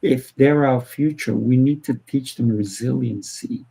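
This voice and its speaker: A man who hosts and teaches martial arts leads a casual interview chat in a firm, coaching tone, acting out little exchanges with kids. His mid-range voice is creaky, mellow and breathy and a little slow, and the audio is poor.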